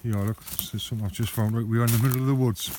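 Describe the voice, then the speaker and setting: A man's voice: mid-range voice, steady tone, racing. A man chatting bluntly while walking through woodland outdoors, swearing heavily as he tells stories. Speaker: outdoor vlogger. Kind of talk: casual chat walking in woods. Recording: faint background noise outdoors.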